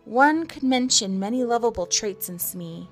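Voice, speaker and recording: A woman narrating a storybook in an expressive, measured reading. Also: a little high, soft background music.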